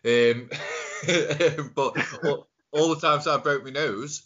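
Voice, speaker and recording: A man's voice: fairly high pitch, slow pace, fairly bright tone. A nasal young man with a Stoke-on-Trent accent, a podcast guest who banters and jokes in casual chat. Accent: Stoke-on-Trent English. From Stoke-on-Trent, England. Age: young adult. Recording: dull lo-fi audio.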